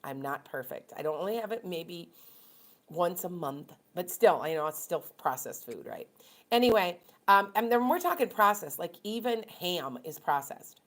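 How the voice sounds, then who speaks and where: A woman's voice: fairly low pitch, animated, normal speed. A chatty woman from Wisconsin hosts a live stream as a tarot reader. She talks in a casual, rambling way and airs blunt opinions freely.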